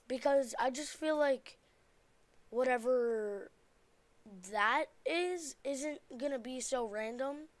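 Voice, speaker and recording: A young woman hosts a gaming channel, chatting casually as she plays and shrieking at what happens on screen. She's excitable, full of gasps and shrieks. Her voice sits high, her pace is slow, and there's no echo.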